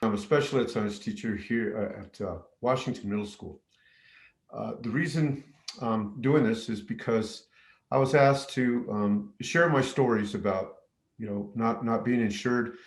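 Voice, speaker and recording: A man's voice: medium pitch, measured pace, echoey room. A man, a middle school teacher from New Mexico, telling a personal story with many fillers and restarts. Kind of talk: personal story told to camera.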